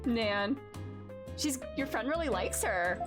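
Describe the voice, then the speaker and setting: A woman streamer chatting and joking while playing a story game. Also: fairly high pitch. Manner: chatty, joking, laughs often. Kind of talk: casual game commentary. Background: game music.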